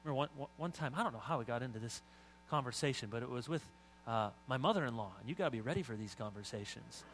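A man's voice: medium pitch, expressive, fast, a bit bright, slight background noise. A middle-aged man preaching a sermon as pastor, talking conversationally and rising to emphatic, building lines.

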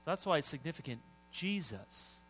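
A man's voice: a little high, animated, normal speed, fairly bright tone, slight background noise. A middle-aged man preaching a sermon as pastor, talking conversationally and rising to emphatic, building lines.

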